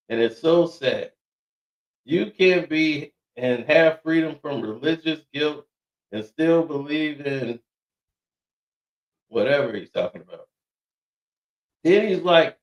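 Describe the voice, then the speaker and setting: A man giving casual commentary, reading messages aloud with frequent laughs and quick asides. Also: on the high side. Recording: echoey room, dull lo-fi sound.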